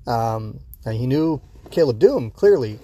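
A man's voice: medium pitch, big pitch swings, a little slow, dark tone, husky. A man talking casually and unscripted as a podcast host reacting to an episode, rambling with many fillers and restarts, a bit sleepy early in the day.

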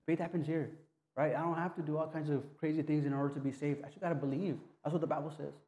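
Man, pastor type, fairly high but warm and mellow voice; loose, conversational sermon delivery with restarts. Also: steady tone, slight background noise. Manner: casual, halting, frequent restarts and "right?".

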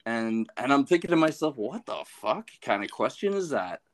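A man's voice: mid-range voice, sing-song, normal speed, a little hiss or hum. A man in his late thirties co-hosting a podcast, telling a rambling, self-deprecating story with plenty of swearing. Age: 30s. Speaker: podcast co-host. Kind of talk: casual storytelling.

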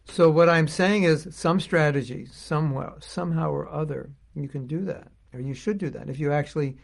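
A man's voice: a little high, creaky. A middle-aged man giving an informal spiritual talk, thinking aloud and searching for his words as he goes. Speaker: spiritual teacher.

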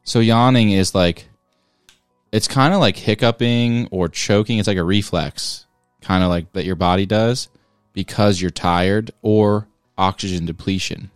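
Male podcast co-host, deep voice, playful and rambling, dry mic with faint music beneath. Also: fairly even intonation, measured pace, clear, resonant tone, no echo. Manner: playful, rambling trivia explanations. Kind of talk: casual chat.

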